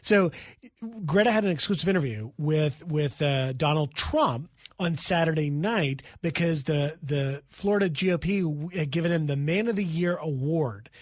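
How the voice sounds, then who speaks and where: A middle-aged man filling in as a radio host, telling a story with animated energy and acting out the voices of people he quotes. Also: fairly high pitch, moderate pace, no room sound, clean studio sound.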